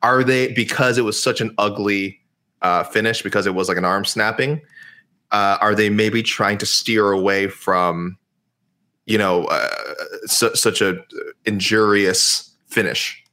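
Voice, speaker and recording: A man's voice: fairly low pitch, steady tone, unhurried, sharp tone. A young man co-hosting a casual sports podcast, thinking aloud and often correcting himself. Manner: speculative, self-correcting, many restarts. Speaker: podcast co-host.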